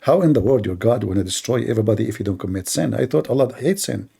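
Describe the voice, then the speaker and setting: A man hosting a live debate, sarcastic and argumentative, with a gravelly, mellow voice. His pitch rises and falls a lot as he presses his points. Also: animated, quick pace. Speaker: debate host.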